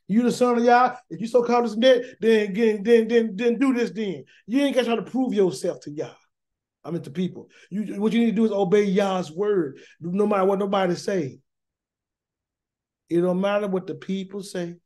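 A man leads a weekly Torah study in a loose, preaching way, his voice sitting high for a man. He talks in plain colloquial speech, says "y'all" and "gonna," repeats himself as he builds a point, and keeps asking his listeners questions he then answers himself. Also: normal speed, darkish tone. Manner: preachy, emphatic, repeats words and asks rhetorical questions. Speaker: Bible teacher. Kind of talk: informal Torah study sermon.

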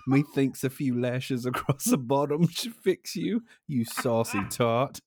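A man's voice: mid-range voice, animated, a little slow, a little hiss or hum, pitched above the performer's own voice. A man putting on a hammy mock-British scolder. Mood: mock-stern. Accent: put-on British. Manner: exaggerated, hammy, breaking into laughter. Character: stern mock-British male disciplinarian, saucy, theatrical.

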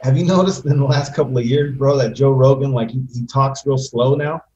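A man co-hosting a podcast in casual chat, loud and blunt, full of slang. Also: medium pitch, fairly even intonation, brisk, muffled recording. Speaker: podcast co-host.

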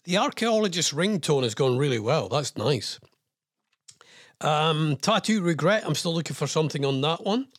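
Chatty radio host, slightly husky, dry close mic. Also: male voice, fairly high pitch, animated, normal speed, no room sound. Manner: rambling, self-deprecating asides. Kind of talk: casual radio chat.

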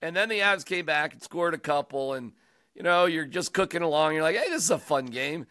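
A man hosting a sports talk show, chatting casually and joking around in an animated, rambling way. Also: fairly high pitch, a little fast, no room sound, clean studio sound. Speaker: sports radio host.

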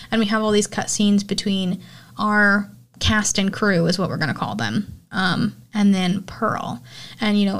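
A woman hosting a horror podcast, recapping a movie in a casual, enthusiastic way, swearing freely and using lots of fillers. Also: mid-range voice.

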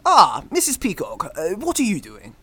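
A woman's voice: medium pitch, huge pitch swings, normal speed, bright, forceful tone, slightly rough, full character voice. A woman voicing a pompous, blunt, bumbling male detective in a comedy audio drama. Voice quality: pompous, blunt, self-important.

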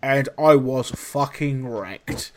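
A young man hosting a podcast, telling a story in casual chat, with lively swearing and acted-out quotes. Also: mid-range voice, slow. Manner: animated, swearing, acts out quotes. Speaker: podcast host.

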